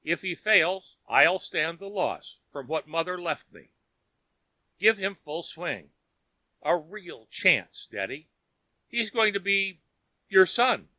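A man's voice: sits high, big pitch swings, slow pace, sharp tone, no echo, voice pushed up, full character voice. A man voicing an earnest, eager young woman in an audiobook reading, raising his voice to plead.

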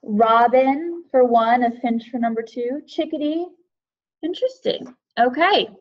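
A woman's voice: high voice, measured pace, highs cut off. A woman presenting an online lesson for educators, reading out participants' chat guesses by name and responding in a friendly way. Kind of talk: live online teaching webinar.

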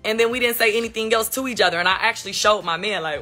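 A woman's voice: medium pitch, fast talker, bright, forceful tone, soft background music. A woman hosting a casual commentary chat, talking in a chatty, sarcastic way. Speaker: host.

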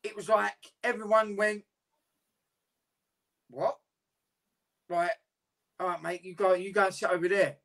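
A man tells his story in a casual interview. He talks candidly and rambles, swearing freely. His voice is bright and sits a touch high. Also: fairly even intonation, fairly quick, creaky. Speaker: interview guest, boxer.

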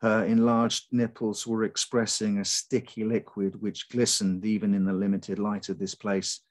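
Male storyteller, lower pitch, measured live reading of a folk horror tale. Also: little pitch movement. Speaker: writer reading his story.

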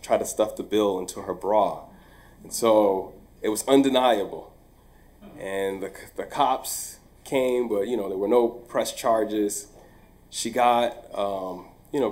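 Animated male storyteller with lots of ums. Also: lowish voice. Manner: animated, acts out dialogue, frequent ums. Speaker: teacher and storyteller. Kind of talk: live storytelling performance.

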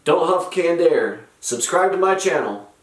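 Grumpy middle-aged guy, dry sarcastic storytelling, slow drawl, echoey room a bit off mic. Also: fairly high pitch, animated, far from the mic. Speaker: comedic storyteller host. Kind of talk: deadpan comic retail storytelling. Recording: roomy echo, from off-mic.

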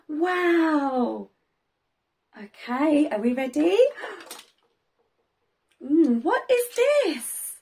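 A young woman leads a toddler learning video in a very high voice. She talks slowly, with a sing-song lilt and exaggerated gasps and praise. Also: sing-song, heavy background noise. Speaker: children's teacher.

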